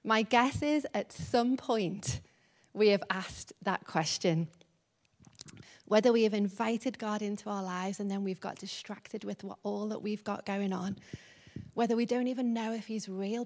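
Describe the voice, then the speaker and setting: A woman's voice: medium pitch, measured pace. A woman preaching a conversational sermon, often laughing lightly and acting out the lines she quotes.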